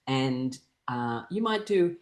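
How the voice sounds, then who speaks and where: Gentle laughter class leader guiding exercises. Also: mid-range voice, expressive, slow. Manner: gentle step-by-step instruction, inviting listeners to copy along.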